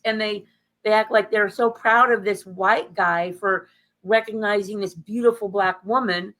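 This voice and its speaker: A woman in casual conversation who retells her experiences with animated emphasis, her voice jumping up when she makes a point. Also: mid-range voice, a little slow, low-quality recording. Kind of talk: casual chat.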